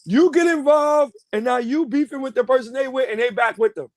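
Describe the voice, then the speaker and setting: High-voiced man, emphatic podcast guest. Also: brisk, no room sound. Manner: emphatic, repeats his points. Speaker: podcast guest, party promoter. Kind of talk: casual interview chat.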